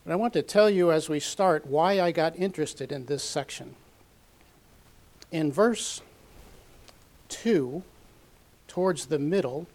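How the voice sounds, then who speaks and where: Methodical male Bible teacher, slightly high voice. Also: a little mellow. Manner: measured, methodical, reads scripture aloud with emphasis. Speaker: preacher.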